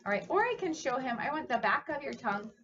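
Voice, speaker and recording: A fairly high-voiced woman explains speech sounds in a patient, encouraging way, coaching a young child step by step. The audio is a little muffled, with a faint hiss underneath. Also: sing-song, quick pace, fairly bright tone. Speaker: speech therapist. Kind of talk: instructional demonstration.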